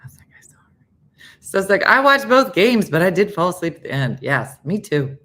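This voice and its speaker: A woman's voice: fairly low pitch, normal speed. A woman hosting a casual morning show, telling a story with lots of acted-out quotes, laughter and sudden whispers. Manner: animated storyteller, acts out quotes, laughs often, drops to whispers.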